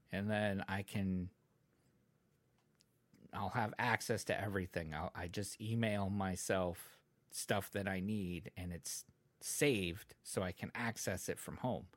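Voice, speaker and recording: Here a podcast host who also edits the show speaks in a lowish, slightly slow voice with no echo. Sitting close to the mic, he drifts through casual conversation packed with fillers and casual cursing, his words now and then fading to a near-whisper.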